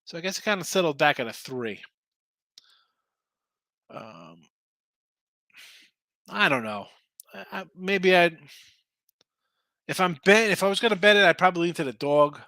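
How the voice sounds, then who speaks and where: Bright-voiced man ranting about betting lines. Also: high voice, animated, measured pace, long pauses, no echo. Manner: loose, ranting, talks straight to the chat. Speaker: sports betting show host. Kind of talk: casual live-stream chat reading viewer comments.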